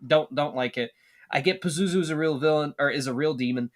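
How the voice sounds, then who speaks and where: A man's voice: fairly high pitch, fast talker. A man co-hosting a podcast in casual chat, opinionated and swearing freely. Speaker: podcast co-host.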